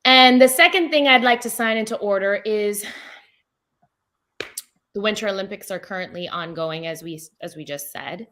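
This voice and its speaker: Bright laid-back woman contestant. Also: medium pitch, normal speed. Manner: laid-back, jokey, slangy. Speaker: game show contestant. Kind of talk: casual joking answers.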